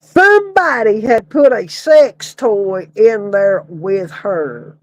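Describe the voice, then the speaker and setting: A woman's voice: mid-range voice, expressive, slow, dry recording, poor audio. A woman casually telling a funeral home story, often breaking into laughter. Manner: laughing, Southern-style folksy storytelling.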